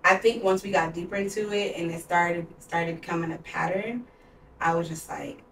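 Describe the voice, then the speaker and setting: A fairly low-pitched, somewhat bright voice belongs to a woman in her twenties speaking at a moderate pace, with a little hiss or hum behind her. She's a podcast co-host candidly and emotionally telling a personal story, relying heavily on "like." Her mic is distant and the room sound is noticeable.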